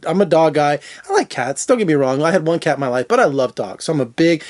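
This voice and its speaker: A man's voice: a little high, darkish tone, a little hiss or hum. A man reviewing a film in a casual, rambling video, chatting with lots of asides. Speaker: film critic.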